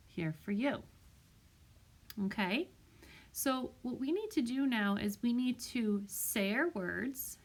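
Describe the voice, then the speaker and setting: Teacher lady doing a kids spelling lesson, super slow and careful, sounds every word out. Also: mid-range voice, creaky. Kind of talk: recorded spelling lesson for young children. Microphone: tablet microphone.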